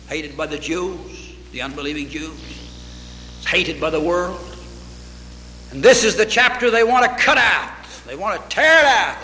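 A man's voice: sits high, bright, forceful tone. A man preaching a sermon with fervor, repeating phrases and quoting scripture in old English. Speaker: pastor. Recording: reverberant hall.

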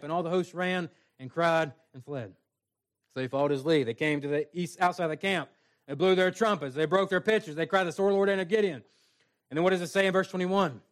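Male pastor, sermon, quick delivery, folksy asides, slightly high pitch. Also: fairly bright tone. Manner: preaching with scripture readings and folksy asides.

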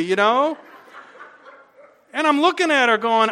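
A middle-aged man preaching a sermon as a pastor, telling stories, dropping to a hush and then rising loud and animated. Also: extremely high pitch, unhurried. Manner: storytelling, swings from hushed to loud and animated.

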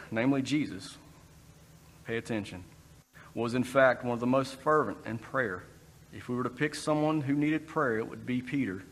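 A man giving a conversational sermon, breaking into brief acted quotes. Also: mid-range voice. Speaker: preacher. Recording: long reverb in a hall, faint background noise.

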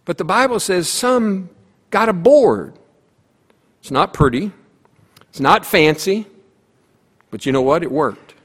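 A man's voice: high-pitched, lively intonation, slow, long pauses, slightly rough. A man preaching a sermon as pastor, telling a story with voiced characters and emphatic repetition. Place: church sanctuary. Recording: long reverb of a church hall.

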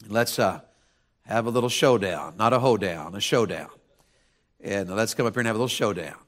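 A man's voice: medium pitch, animated, normal speed, a bit bright, lightly acted. A man voicing a blunt, bold male prophet who talks in a folksy, teasing way. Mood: challenging.

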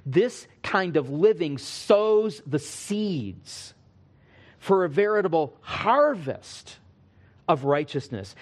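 Man preaching in a sermon. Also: fairly high pitch. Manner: expository preaching, reading scripture aloud with emphatic pauses. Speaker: pastor.

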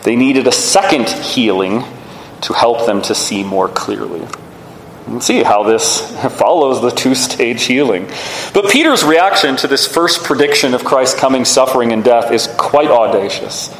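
A man preaching a sermon in an animated way, often asking his listeners rhetorical questions. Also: mid-range voice, a little slow, slight background noise. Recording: echoey hall with faint ambience.

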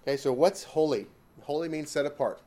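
Man with a fairly high voice, Bible teacher, emphatic, drives points home with repetition. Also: fairly quick, warm tone. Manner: emphatic, with rhetorical questions and repetition. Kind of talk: catechism teaching.

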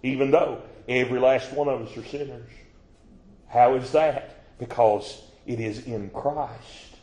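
Male preacher, slow and deliberate delivery, swelling, drawn-out emphasis, echoey room. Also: mid-range voice, steady tone. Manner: swings between hushed asides and rising, drawn-out proclamation. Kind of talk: sermon.

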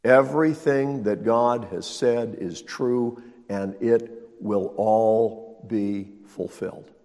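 A man's voice: on the low side, slow, a little mellow, big-room sound. A male pastor preaching a sermon, emphatic and repeating his key lines.

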